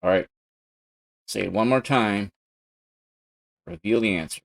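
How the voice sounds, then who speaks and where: Playing a racing game on a live stream at his home setup, a man keeps up chatty, excitable commentary that bursts into loud yelps and curses at every crash. He speaks at a measured pace in a lowish voice with vocal fry, captured on poor audio.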